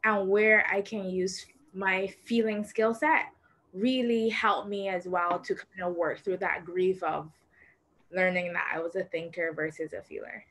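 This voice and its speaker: A woman participant in a workshop, sharing her own experience in a thoughtful, earnest way, halting with fillers. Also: fairly low pitch, fairly even intonation, a bit bright. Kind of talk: casual reflective sharing.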